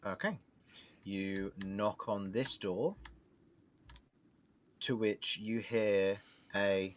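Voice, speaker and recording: A man narrating a tabletop game as game master, lively and laughing often. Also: fairly low pitch, very slow, pauses often. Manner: lively, laughs often while describing scenes.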